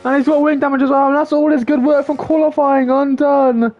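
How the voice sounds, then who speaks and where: A man giving quick, excitable play-by-play commentary on a sim race, often correcting himself. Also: extremely high pitch, lo-fi sound.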